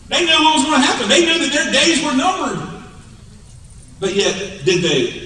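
A man preaching a sermon, telling the story with animated emphasis and building to emphatic peaks. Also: high voice, distant mic, slight background noise. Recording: echoey hall, mic from afar.

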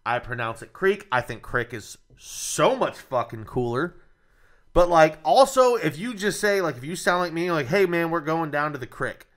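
A man's voice: on the high side, big pitch swings, normal speed. A man co-hosting a podcast, bantering emphatically and swearing freely in casual chat. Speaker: podcast co-host.

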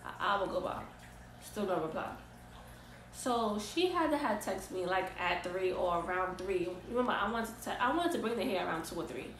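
Brief: young woman vlogger, casual animated storyteller, set back from the mic in an echoey room. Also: medium pitch, normal speed, a little hiss or hum. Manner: casual, slangy, animated retelling. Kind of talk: storytime vlog. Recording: roomy echo, distant mic.

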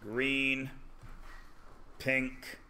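A man teaching a high school math class, joking as he lectures. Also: flat delivery, sharp tone, a little hiss or hum. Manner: joking, drawn-out teacherly questions.

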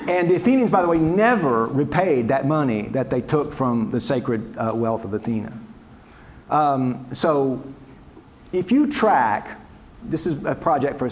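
A man's voice: on the high side, a little mellow. Wry, chatty male history lecturer. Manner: wry, conversational, with many restarts and asides. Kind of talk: lecture Q&A answers. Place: lecture hall.

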